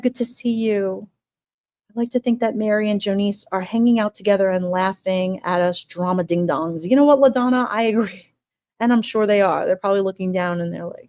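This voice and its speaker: A woman's voice: mid-range voice, darkish tone, no echo. A woman hosting a casual livestream on her phone, reading messages aloud, emotional and laughing between lines. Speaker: livestream host.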